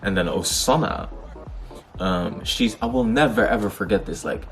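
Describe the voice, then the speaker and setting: Loud music sits behind his lowish voice, which keeps a moderate pace. The young vlogger from the Netherlands talks straight to camera about his life in a candid, heated, casual style, full of slang and cursing.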